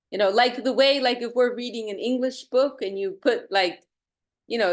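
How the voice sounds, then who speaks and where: A woman's voice: medium pitch, low-quality recording. A woman leading an online scripture study over a video call, explaining verses in a chatty way with frequent restarts and light laughs. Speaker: study group leader.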